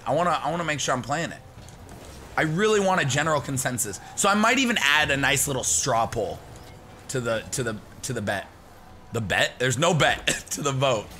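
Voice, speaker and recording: A young man giving excited live gameplay commentary, shouting and laughing as he plays and chats to viewers. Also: fairly high pitch, a little hiss or hum. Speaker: gaming YouTuber.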